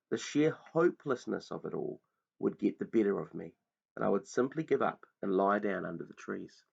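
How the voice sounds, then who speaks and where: Low gravelly-voiced man reading a story. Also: expressive. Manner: slow, hushed, dramatic storytelling. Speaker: reader. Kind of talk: reading a children's book aloud. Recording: dull lo-fi recording.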